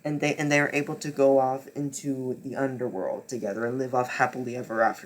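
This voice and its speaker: A man's voice: level tone, fast, hardly any pauses. A man casually reviewing books he read, telling it dramatically, swearing and repeating himself as he gets worked up. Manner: swings from low muttering to loud near-shouting. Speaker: book reviewer. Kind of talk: casual book wrap-up vlog.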